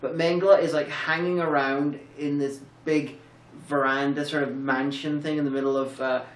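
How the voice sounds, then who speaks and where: A woman's voice: deep voice, little pitch movement, normal speed. A woman co-hosting a casual film review, tired and rambling through sarcastic, jokey riffs with plenty of restarts. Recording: roomy, distant mic.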